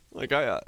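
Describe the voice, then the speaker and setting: A man's voice: on the high side, fairly bright tone, no room sound. A young man streaming live, chatting casually with viewers, ranting and swearing freely as he talks.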